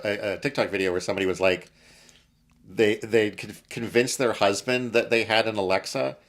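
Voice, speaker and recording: A man chats as a guest and drops quick asides with a laugh. His voice sits at an ordinary middle pitch. A faint hiss runs under the handheld mic. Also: fairly bright tone. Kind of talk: casual chat.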